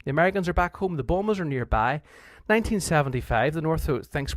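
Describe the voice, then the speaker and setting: A history teacher with a Northern Irish accent gives a conversational revision lecture, often restarting sentences and acting out quotes. His voice sits on the high side and moves a little fast with few pauses, recorded without echo.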